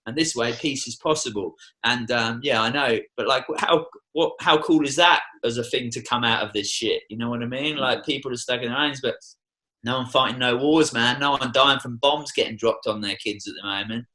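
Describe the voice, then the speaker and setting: A man's voice: medium pitch, brisk, pushed and bright, low-quality recording. A young Australian man, a tour guide, talking passionately and swearing freely as a guest in a podcast studio. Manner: passionate, heavy swearing, preachy. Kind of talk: casual podcast conversation.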